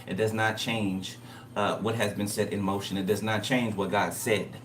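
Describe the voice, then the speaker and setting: A man's voice: fairly low pitch, steady tone, normal speed, fairly bright tone, echoey room, distant mic, a little hiss or hum. A man giving a casual spiritual reading. He talks bluntly and emphatically, repeats himself, and swears freely. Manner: blunt, repetitive, profane. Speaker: tarot reader.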